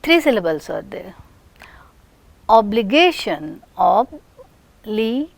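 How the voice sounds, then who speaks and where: With lively intonation and a slightly high voice, an Indian woman speaking Indian English lectures on phonetics in a recording free of room sound. She demonstrates sounds slowly and deliberately, whispering some examples.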